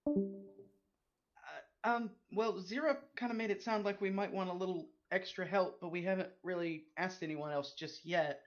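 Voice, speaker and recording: A woman's voice: on the low side, fairly even intonation, normal speed, lo-fi sound. A woman playing a tabletop game in character, hesitant and unsure with many fillers. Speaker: player.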